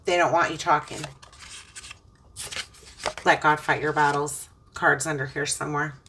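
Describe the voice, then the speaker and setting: A woman's voice: low voice, fairly even intonation, a little slow, far from the mic, background noise. A woman giving an earnest, emotional spiritual tarot reading, preaching about faith as she turns the cards. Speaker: tarot reader.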